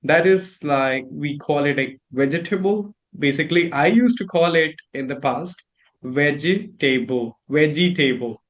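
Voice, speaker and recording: Chatty Indian-accented man, slightly high voice. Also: moderate pace, few pauses. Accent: Indian English. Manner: chatty, rambling, with frequent fillers and laughs. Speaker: host learning pronunciation. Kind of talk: casual conversational lesson.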